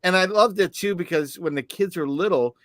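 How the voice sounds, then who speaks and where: A man's voice: sits high, fairly quick, fairly bright tone, no room sound, clean studio sound. A man co-hosting a podcast, telling a long story in casual chat with lots of restarts. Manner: rambling storyteller, many restarts. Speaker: podcast co-host.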